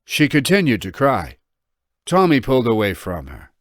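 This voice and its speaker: Expressive male audiobook narrator. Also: mid-range voice, moderate pace, no room sound, studio quality. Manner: expressive storytelling with voiced dialogue. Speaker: author and narrator.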